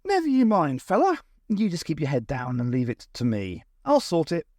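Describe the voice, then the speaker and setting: Guy doing a cocky eccentric time traveller, high and bouncy, dry close mic. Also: very animated, normal speed, darkish tone, no room sound. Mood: breezy. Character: brisk eccentric male time traveller, confident and theatrical.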